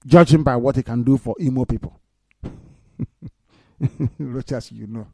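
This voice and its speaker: On the radio, a man with a Nigerian Igbo accent offers mocking news commentary, sarcastic and laughing often, swinging into indignant outbursts and mixing Igbo into his English. His mid-range voice is gravelly and darkish, at a measured pace, with no echo.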